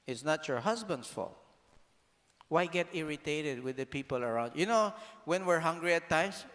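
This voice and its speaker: A man giving a motivational talk to an audience, animated, firing rhetorical questions and now and then raising his voice to a shout. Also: fairly high pitch. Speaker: speaker. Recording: long hall reverb.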